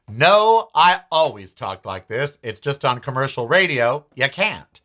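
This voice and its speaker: A man's voice: medium pitch, big pitch swings, normal speed, few pauses, bright, forceful tone. A man hosting his own show, giving blunt, sarcastic political commentary and swearing freely. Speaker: podcast host.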